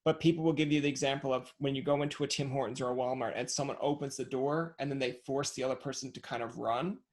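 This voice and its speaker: A man hosting a podcast in casual interview chat, animated and fond of acting out little scenes. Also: mid-range voice, quick pace. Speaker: podcast host.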